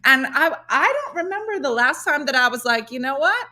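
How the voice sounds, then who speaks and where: A middle-aged woman hosting a comedy morning show, telling funny stories and acting out the dialogue with big jumps in her voice. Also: a little fast. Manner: animated, acts out dialogue with big pitch jumps. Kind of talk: comedic storytelling chat.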